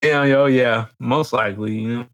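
A man's voice: mid-range voice, normal speed, fairly bright tone, dry recording. A man co-hosting a casual podcast, laughing a lot and reacting in short bits. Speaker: podcast co-host. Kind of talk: casual chat.

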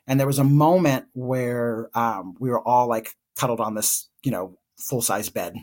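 A young man with a slightly husky, breathy voice recounts a personal story as a podcast co-host. He speaks earnestly and reflectively, his voice carrying open emotion as he works through a painful memory. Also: mid-range voice, a little slow, darkish tone.

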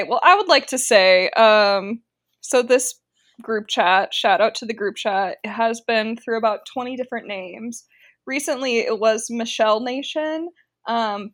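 A woman's voice: on the high side, a bit bright. A young woman co-hosting a podcast, chatting casually and playfully with frequent giggles. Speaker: podcast co-host. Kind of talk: casual chat.

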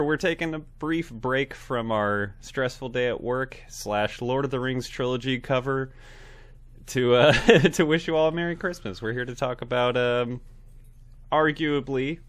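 A man's voice: mid-range voice, unhurried. A sick, sniffly man co-hosting a podcast in a laid-back, self-deprecating chat. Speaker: podcast co-host.

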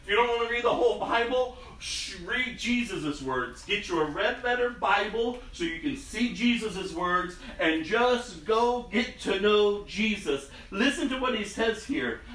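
A man's voice: sits high, animated, unhurried, few pauses, fairly bright tone, reverberant, recorded from a distance, poor audio. A man preaching a sermon in a conversational, storytelling way. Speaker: pastor.

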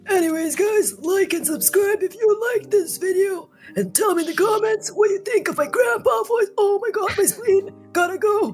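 A chirpy, frantic old grandpa for a laugh, with a squeaky, strained voice pitched extremely high. He drags his words out slowly and shrilly. It is a comic podcast impression. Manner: shrill, drawn-out delivery.

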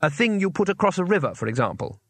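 A man's voice: high-pitched, sing-song, fast talker, a bit bright, husky, no room sound, voice pushed up, exaggerated voice. A man voicing a cheerful, naive male tourist who speaks politely, eagerly and without hurry. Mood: cheerfully naive.

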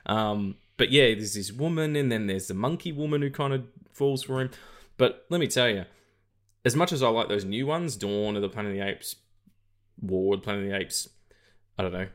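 Low-voiced, rambling male podcast co-host. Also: moderate pace. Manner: rambling and animated, with many restarts and casual swearing. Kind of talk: casual film chat.

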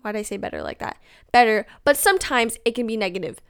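Speaking fast with lively intonation, a young woman hosts a casual solo podcast in a smooth, slightly high voice. Her chat meanders, filled with "like"s and self-deprecating humor.

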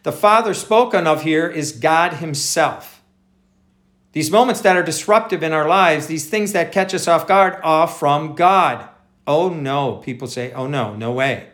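A man's voice: a little high, a bit bright. A pastor preaching a conversational sermon, talking to his listeners directly and calling them folks.

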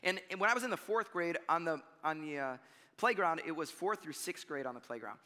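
A man preaching a sermon in a relaxed, conversational way, telling stories and laughing at himself. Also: on the high side, brisk, long reverb tail. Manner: conversational, storytelling with self-deprecating laughs. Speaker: pastor.

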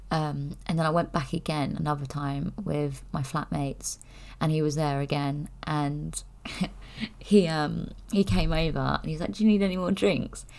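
A woman's voice: low voice, creaky. A young woman chatting candidly to camera, rambling and giggling as she talks. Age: young adult. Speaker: vlogger. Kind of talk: casual chat.

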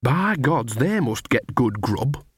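A man's voice: medium pitch, very animated, takes it slowly, slightly rough, dry recording, clean studio sound, heavily acted. A man voicing a cheerful, earthy old woman witch with a blunt, coarse way of talking.

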